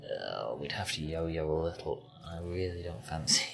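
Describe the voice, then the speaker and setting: Deep-voiced gaming streamer. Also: male voice, animated, normal speed, vocal fry. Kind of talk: casual commentary while playing.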